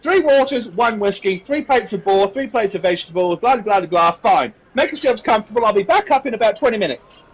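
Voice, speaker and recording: A man's voice: sits high, expressive, fairly quick, hardly any pauses, husky, pitched above the performer's own voice, rough recording. A man voicing an impatient, bossy female tavern barmaid. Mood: impatient, snappy.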